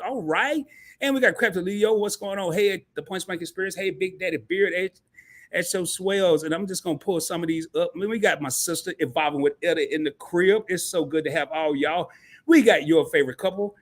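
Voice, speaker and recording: A man hosting a live stream talk show, talking in an energetic, slangy, casual way to his chat. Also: high-pitched. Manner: energetic, slangy, calls the audience "baby" and "man".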